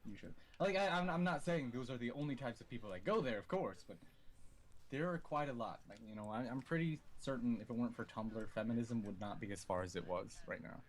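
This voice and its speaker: A man's voice: medium pitch, a little fast. A young man co-hosting a casual gaming talk show, hesitant and wordy when he explains things. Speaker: podcast co-host.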